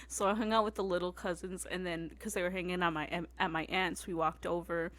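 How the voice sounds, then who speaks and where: A woman's voice: lowish voice, fairly even intonation, normal speed, a bit bright. A woman hosting a casual chat podcast, telling a rambling story with many fillers and frequent laughter, sounding tired. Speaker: podcast host.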